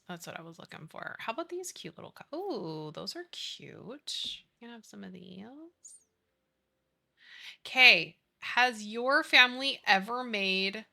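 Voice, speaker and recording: A young woman streamer chatting casually while she plays, giggly and quick to swear. Her voice is very bright, and her pitch swings widely as she talks. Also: vocal fry. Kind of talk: casual live-stream chat while gaming.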